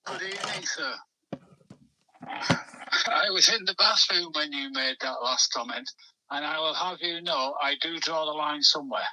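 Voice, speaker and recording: A man's voice: fairly high pitch, moderate pace, pauses often, sharp tone, a little hiss or hum, rough recording. A man calling in to a live stream, trading teasing banter with the host. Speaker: caller.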